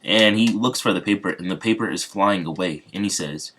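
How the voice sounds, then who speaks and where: A man with a deep, low voice retells a made-up fan story off the cuff. He rambles and halts, restarting phrases and filling gaps with ums. The telling is loose and unscripted. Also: fairly bright tone, a little hiss or hum. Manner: rambling and halting, with fillers and restarts.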